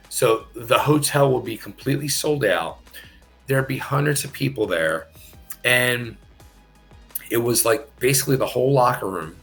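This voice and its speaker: On a podcast, a middle-aged ex-wrestler spins wild, profanity-laced stories in a casual way, laughing and going over the same points again. His voice is medium-pitched, creaky and fairly bright.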